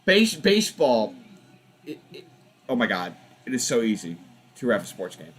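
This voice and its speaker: A man's voice: medium pitch, normal speed, long pauses. A young man hosting a football watch party, giving casual live commentary and ranting in exasperation at the referees. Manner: animated, exasperated ranting about refs.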